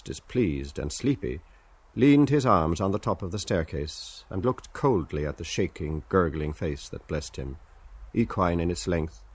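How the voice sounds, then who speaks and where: A man narrating a novel as an audiobook in a measured, stately way. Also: low-pitched, husky, no room sound.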